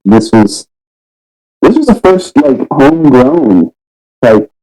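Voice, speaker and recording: A man guesting on a podcast, telling absurd made-up facts in a deadpan, halting way with many fillers. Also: medium pitch, low-quality recording. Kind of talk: deadpan comedic podcast chat.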